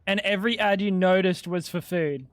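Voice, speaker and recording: Man, gaming streamer, crude rambling banter, high voice, dry close mic. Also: moderate pace, no echo. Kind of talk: casual gaming livestream chat.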